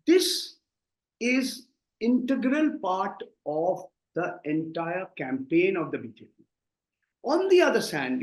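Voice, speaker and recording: Emphatic man with an Indian English accent, echoey room. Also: sits high. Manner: emphatic, repeats words when starting. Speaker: political analyst guest. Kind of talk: impassioned interview commentary.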